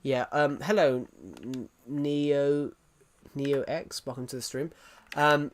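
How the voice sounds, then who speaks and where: A man's voice: mid-range voice, level tone, takes it slowly. A young man from England with an English accent, rambling casually on a live stream, reading chat messages aloud and swearing casually. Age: young adult.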